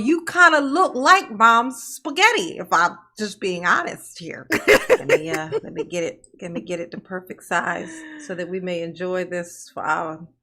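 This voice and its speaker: A woman's voice: sits high, pushed and bright. A woman hosting a reaction commentary, teasing and sassy, laughing often as she mocks what she watches. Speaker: commentary channel host.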